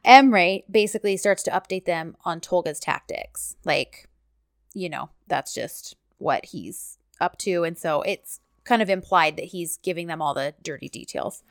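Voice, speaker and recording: A woman's voice: fairly low pitch, unhurried, no echo, clean studio sound. A woman co-hosting a casual chat, retelling episode scenes and quoting the characters' lines. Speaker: podcast co-host recapping a TV series.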